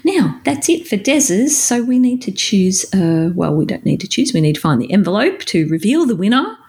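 A woman's voice: medium pitch, big pitch swings, normal speed, darkish tone. Woman, casual podcast co-host, chatty and giggly. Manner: chatty, laughs often, rambling asides. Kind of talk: casual chat.

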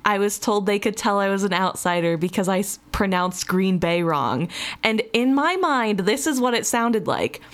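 A woman's voice: medium pitch, expressive, moderate pace. A young woman from the US Midwest co-hosting a podcast, chatty and giggly, laughing between her thoughts. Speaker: podcast co-host. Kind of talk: casual chat.

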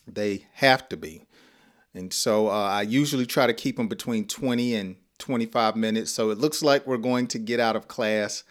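A man leads a live-streamed English class at an unhurried pace. He says each example phrase with care and repeats it, and sometimes chuckles at his own examples. His voice sits at an ordinary middle pitch. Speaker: English teacher.

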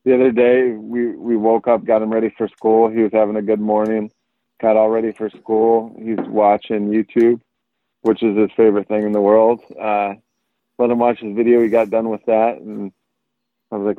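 A man's voice: lowish voice, normal speed, dry recording. A man, chatting on a podcast and animatedly telling stories while acting out the quotes. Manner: animated storyteller, acts out quotes. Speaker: podcast guest. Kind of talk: casual podcast chat. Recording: tinny phone-like line, dry.

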